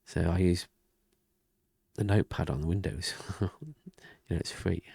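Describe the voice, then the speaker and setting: A man speaks softly at his desk, keeping his voice down and drifting between thoughts in a casual diary vlog. His voice is deep and gravelly with a husky edge. The sound is dry and close, with no room around it. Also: takes it slowly, dry recording. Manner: quiet, rambling, often half-whispered talk. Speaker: vlogger. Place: home room with thin walls. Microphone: desk mic and webcam.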